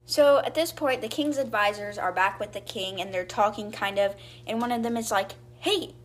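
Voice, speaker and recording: A woman's voice: medium pitch, moderate pace. A young woman hosting a podcast, casually retelling a book's chapters and briefly voicing the characters' lines. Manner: chatty, acts out quotes in brief voices. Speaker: podcast host retelling a book. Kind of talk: casual storybook recap.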